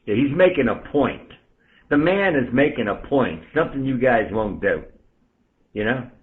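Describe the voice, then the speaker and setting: A blunt, ranting man from the Bronx holds forth on an amateur radio channel, his voice swinging up and down with lively emphasis. He keeps calling out other listeners by name. The sound comes through a narrow, tinny radio transmission. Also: mid-range voice, normal speed. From the Bronx, New York. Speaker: ham radio operator. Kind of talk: on-air ranting chat.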